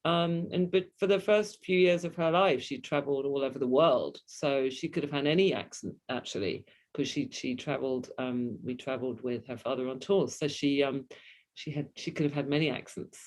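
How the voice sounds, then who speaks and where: Lively middle-aged Englishwoman guest. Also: very deep voice, moderate pace. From London. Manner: lively, self-deprecating, animated. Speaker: guest, agency founder. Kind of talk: casual interview chat.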